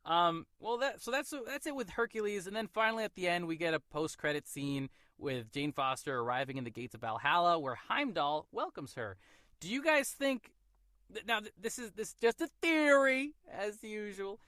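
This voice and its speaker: A man hosting a casual movie review podcast, animated and quick to float theories. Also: sits high, dry recording, clean studio sound. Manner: animated, theorizing, laughs often. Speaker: podcast host.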